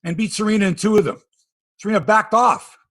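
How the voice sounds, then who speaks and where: Husky-voiced Canadian man chatting sports. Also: high voice, brisk, dry recording. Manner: animated storytelling, tangents. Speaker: podcast host. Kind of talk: casual sports chat.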